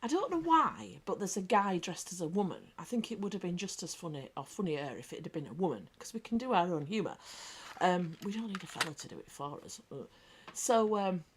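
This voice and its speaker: Hosting a casual live chat stream, this British-accented woman banters, chats and reads viewer comments aloud like an animated anecdote-teller. She speaks on the lower side and fairly fast, with a slight hiss or hum in the recording.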